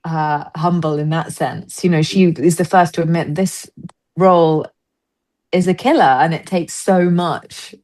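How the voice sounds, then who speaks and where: Speaking a little slowly in a low-pitched voice, a stage actress appears as a podcast guest for a relaxed interview chat. She tells stories with animation and performs the quoted voices of others.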